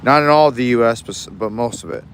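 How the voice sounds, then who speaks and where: A man's voice: mid-range voice, quick pace, fairly bright tone, a little hiss or hum. A young man in Alaska chatting casually on a fishing livestream, rambling and easygoing with many restarts, recorded outdoors in the rain on a phone.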